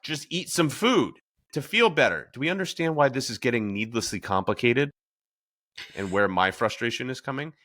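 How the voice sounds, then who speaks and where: A man's voice: mid-range voice, animated, normal speed, a bit bright. A man hosting a podcast in a casual discussion, telling stories with animation and acting out quoted lines. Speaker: podcast host.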